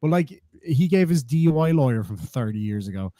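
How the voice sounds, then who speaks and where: A man's voice: medium pitch, lively intonation, brisk, a crowd in the background. A man hosting a casual live stream, reading out viewer donations with profane, sardonic remarks.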